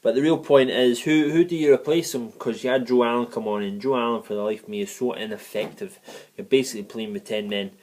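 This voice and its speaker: A man's voice: mid-range voice, fairly even intonation, fast talker, a little mellow. A man giving a heated, profane and digressive football review in a fan vlog. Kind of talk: ranting match review vlog. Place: living in the United States.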